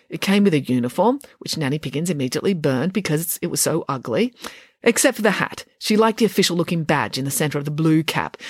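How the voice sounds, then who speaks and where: A woman's voice: fairly low pitch, dry recording, studio quality. A woman narrating a children's audiobook in a playful storytelling manner.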